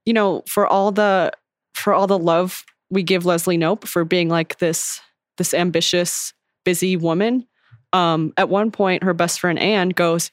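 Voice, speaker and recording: A woman's voice: lowish voice, fairly even intonation, unhurried, no echo, studio quality. A woman co-hosting an advice podcast, talking in a chatty, filler-heavy casual way. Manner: chatty, full of "like" fillers and laughs. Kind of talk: casual chat.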